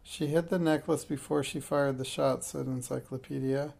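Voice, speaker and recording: A man reads a children's detective story aloud in a plain, steady way. His voice has a gravelly edge at a middle pitch. Now and then he trips over a word and corrects himself. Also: normal speed. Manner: plain steady reading with slips and self-corrections. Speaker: reader. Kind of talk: reading a children's mystery aloud.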